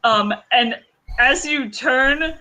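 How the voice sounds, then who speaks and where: A man's voice: very high-pitched, extremely slow, pushed and bright, poor audio. A man narrating as game master of a tabletop game, loose and rambling, full of "kinda" and "like".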